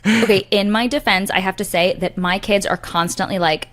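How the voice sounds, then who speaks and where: A middle-aged woman co-hosting a podcast in casual chat, lively and quick with jokes and asides. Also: medium pitch. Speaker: podcast co-host, actor.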